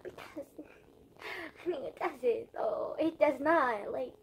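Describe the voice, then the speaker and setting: High-voiced exasperated teenage girl vlogging. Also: slow pace, vocal fry, slight background noise. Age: teens. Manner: exasperated, filler-heavy, swearing. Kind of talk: casual ranting vlog.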